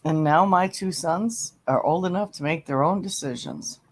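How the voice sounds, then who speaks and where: A middle-aged woman hosting a casual chat, telling stories in a lively, animated way. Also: on the low side, normal speed. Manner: chatty storyteller, animated retelling.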